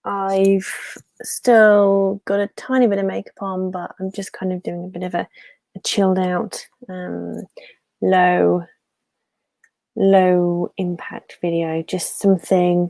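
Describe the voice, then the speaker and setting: A young woman chats loosely on a home live stream. She rambles and restarts in a soft, mellow voice. The sound is dry and close. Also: mid-range voice, dry recording. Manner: chatty and rambling, with many fillers and restarts. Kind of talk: casual live stream chat.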